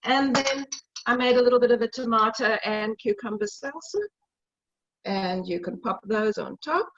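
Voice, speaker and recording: Middle-aged woman, cooking demo host on a video call: chatty storyteller, slightly high, husky, dry and dull line. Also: normal speed, a bit bright, dry recording. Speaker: cooking demonstrator.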